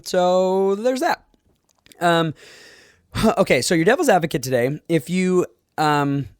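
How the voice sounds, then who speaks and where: A man's voice: mid-range voice, dry recording, studio quality. A young man hosting a solo podcast, talking in a casual, rambling way with fillers and little laughs. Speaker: podcast host.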